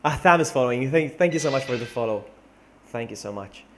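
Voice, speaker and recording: A man's voice: mid-range voice, animated, quick pace, a bit bright, a little hiss or hum. Chatty male streamer. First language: Maltese. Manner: chatty, rambling, laughs often. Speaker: game streamer. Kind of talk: casual live-stream chat.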